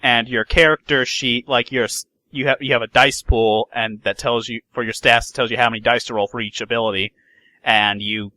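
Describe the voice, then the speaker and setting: A man's voice: on the low side, pushed and bright, no room sound, low-quality recording. A man hosting a podcast, chatting casually about game news and often restarting his sentences. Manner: rambling, many restarts and fillers. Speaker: podcast host. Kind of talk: casual gaming news chat.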